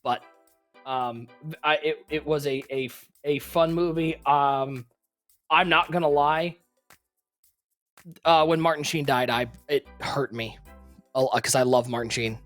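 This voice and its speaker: A co-host chatting casually on a live stream, rambling and animated, swinging between excited outbursts and quiet asides. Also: mid-range voice, measured pace, pauses often, faint music behind.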